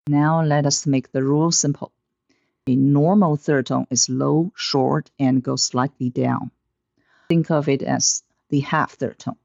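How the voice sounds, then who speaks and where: A man delivers a scripted language lesson at an unhurried, measured pace, his voice carrying a gravelly, creaky edge. The sound is dry and close, with a dull, slightly lo-fi quality. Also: medium pitch, steady tone, a little mellow, no echo. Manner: slow, deliberate, instructive. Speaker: Mandarin pronunciation teacher.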